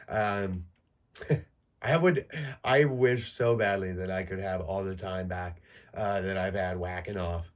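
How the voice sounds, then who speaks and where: A man in his thirties with a deep voice hosts a solo podcast, speaking slowly. His casual monologue is crude, rambling and joking, packed with fillers.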